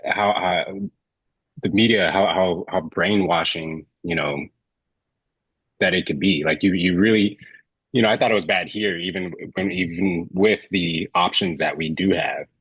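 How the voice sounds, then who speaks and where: A man from California, a fitness professional guesting on a podcast, talking haltingly and repeating words as he searches for his point. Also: low voice, breathy edge, no echo, muffled recording. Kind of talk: casual political chat.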